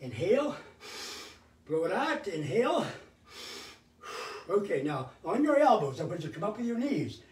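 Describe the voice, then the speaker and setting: A man's voice: high voice, normal speed, long pauses, recorded from a distance. An older man hosting a live fitness show, calling out counts and cheering viewers through the exercises. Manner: energetic, cheering coaching with counted cues. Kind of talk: live workout instruction. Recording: roomy sound from away from the mic.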